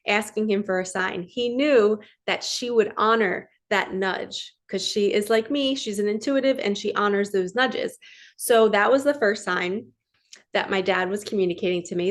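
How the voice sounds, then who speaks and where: An earnest woman in her thirties speaks as a spiritual coach in a relaxed monologue. She leans into key phrases and repeats them with emphasis. Her voice sits at an ordinary middle pitch. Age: 30s. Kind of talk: casual inspirational monologue.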